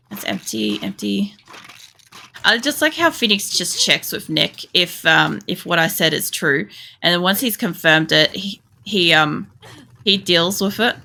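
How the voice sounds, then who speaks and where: A woman streams a game while chatting loosely, rambling, swearing freely and using plenty of fillers. Her medium-pitched voice is creaky and bright with a forceful edge.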